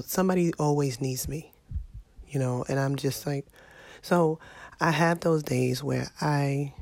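A woman's voice: low-pitched, measured pace, creaky, a little mellow, no echo. Brief: sick, fed-up mom vlogger in her middle years, chatty and exasperated, dry close sound. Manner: exasperated, venting, chatty with viewers. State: sick with a sinus infection. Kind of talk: casual vlog monologue.

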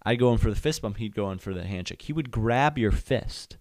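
A young man hosts his own show, riffing through comic stories and jumping into voices and sound effects. His pitch swings widely as he talks. The sound is dry and close, with no room around it. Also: animated, a little fast, a little mellow, no echo. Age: young adult. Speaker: podcast host. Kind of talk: comedic solo storytelling.

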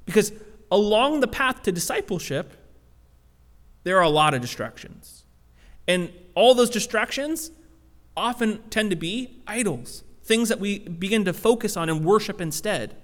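A man with a high voice preaches a sermon, talking in a loose, conversational way with lots of casual fillers. His voice rings with a long reverb, as in a large hall. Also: fairly bright tone. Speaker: pastor.

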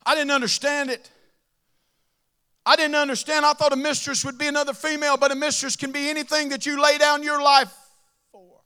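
Male preacher, high and bright-voiced, passionate sermon delivery with shouted peaks. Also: level tone, a little fast. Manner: impassioned, shouting at peaks, then dropping to a murmur.

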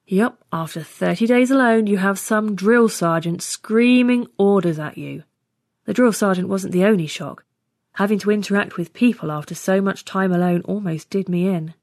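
A woman's voice: medium pitch, moderate pace, dry recording. Woman reading a story aloud. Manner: steady first-person storytelling. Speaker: story reader. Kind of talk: scripted narration.

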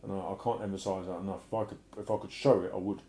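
A middle-aged man sharing an emotional personal testimony and preaching in an earnest way, often sinking to a soft murmur. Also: deep voice, level tone, rapid-fire. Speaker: Christian speaker.

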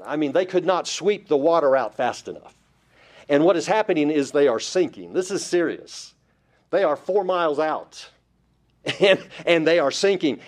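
A man's voice: a little high, a little mellow. A man preaching a Bible-study sermon, emphatic, with rhetorical questions put to listeners. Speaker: pastor.

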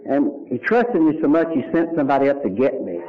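A middle-aged man with a Kentucky accent, an animated storyteller giving his personal testimony at a recovery meeting who drops to hushed tones for serious moments. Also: a little high, fairly quick. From Louisville, Kentucky. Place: meeting room before a live audience. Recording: lo-fi early 1990s tape recording.

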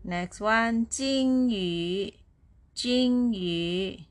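A woman's voice: a little high, very slow. A woman teaching beginner vocabulary, sounding out each syllable and repeating words patiently. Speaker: Chinese language teacher. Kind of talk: slow, deliberate vocabulary lesson.

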